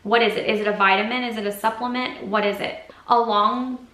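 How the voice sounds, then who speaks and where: A woman's voice: fairly high pitch, fairly even intonation, a little fast, fairly bright tone. A woman vlogger giving an earnest, rambling, confessional update to her camera's built-in mic indoors. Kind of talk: personal health update to camera. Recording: echoey room sound.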